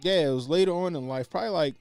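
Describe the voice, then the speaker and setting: A man's voice: fairly high pitch, racing, a little mellow, smooth, dry recording, soft background music. A man talking in casual opinionated commentary, blunt and profane, repeating his points for emphasis. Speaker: podcast co-host.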